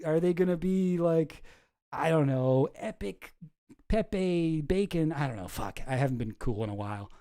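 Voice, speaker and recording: Rambling streamer man, soft dark tone. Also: fairly high pitch. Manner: rambling, self-deprecating, swears often. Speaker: streamer host. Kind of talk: casual commentary stream.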